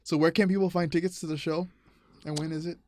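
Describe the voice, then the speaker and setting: A man's voice: a little high, steady tone, fast, darkish tone, no room sound, clean studio sound. A man hosting a podcast in casual interview chat, easygoing and joking, laughing a lot. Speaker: podcast host.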